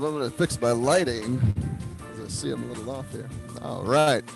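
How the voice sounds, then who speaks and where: A man running a live online tai chi class, chatting casually as he sets up the stream, then calmly cueing posture. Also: mid-range voice, moderate pace, vocal fry. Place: home room, on a video stream. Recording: live stream audio with music underneath. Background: music playing.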